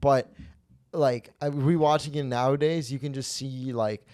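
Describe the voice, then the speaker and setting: A man's voice: medium pitch, measured pace, dry recording, clean studio sound. Profane rambling young male podcast host. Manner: rambling, profane, animated storytelling. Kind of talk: casual comedic chat.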